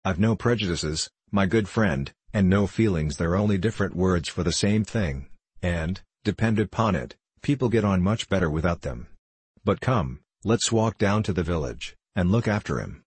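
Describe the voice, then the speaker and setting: A man's voice: low-pitched, animated, moderate pace, darkish tone, husky, no echo. A man voicing a haughty, cold young school prefect who speaks sternly. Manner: supercilious, stern.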